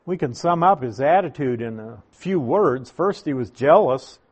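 A man preaching a sermon, teaching through a Bible passage verse by verse in a deliberate, emphatic way. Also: mid-range voice, animated, husky.

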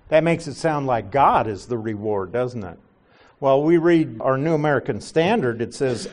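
A man's voice: mid-range voice, animated, moderate pace, a little mellow. A man teaching a Bible class, patiently explaining grammar, asking rhetorical questions and correcting himself as he goes. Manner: corrects himself mid-sentence.

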